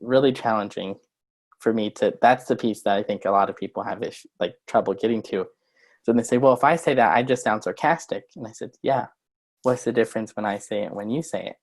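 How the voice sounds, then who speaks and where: A man's voice: lowish voice, a little mellow. A man, a guest coach, explaining ideas in an earnest conversational way and acting out short example lines, heard over a video call.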